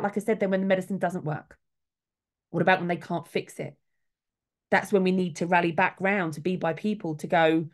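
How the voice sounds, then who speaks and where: A middle-aged woman, a soul midwife, talking casually and earnestly, with quoted voices acted out along the way. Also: medium pitch. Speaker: soul midwife, guest speaker.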